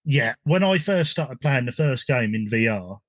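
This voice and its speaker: A man's voice: medium pitch, lively intonation, normal speed, fairly bright tone, dry recording. An English man hosting a casual gaming podcast, chatty, with frequent ums and restarts. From England. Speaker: podcast host.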